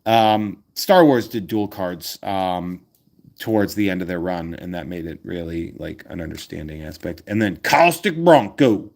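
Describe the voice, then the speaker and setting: A man from Massachusetts, with a voice that sits a little low, hosts a relaxed card-opening session. He reads card text aloud between eager comments. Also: normal speed, creaky. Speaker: host. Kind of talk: casual card-opening chat.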